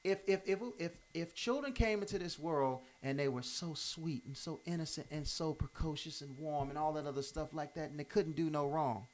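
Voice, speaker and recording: A commentator gives life advice in an unscripted motivational monologue, emphatic and informal, often repeating himself, restarting phrases, and dropping verbs. His voice is fairly high, at a normal speed with hardly any pauses.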